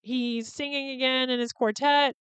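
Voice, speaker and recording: A woman's voice: high voice, fairly even intonation, moderate pace, a bit bright, smooth, no echo. A woman in her thirties hosting a podcast, chatting casually and profanely as she recaps a movie and acts out its lines. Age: 30s. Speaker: podcast host.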